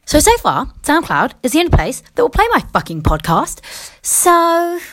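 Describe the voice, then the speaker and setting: A woman's voice: high-pitched, huge pitch swings, normal speed, a bit bright. A young English woman hosting her own podcast, ranting casually with lots of swearing and restarts. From England. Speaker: podcast host. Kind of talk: casual solo podcast rant. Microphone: personal mic in a quiet room.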